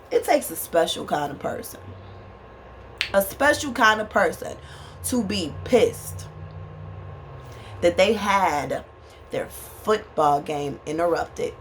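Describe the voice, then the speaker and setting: In a medium-pitched, fairly bright voice with slight background noise, the woman vlogger delivers an angry, profanity-laced rant to camera. Emphatic throughout, she addresses viewers as y'all while a fan runs in her small bedroom.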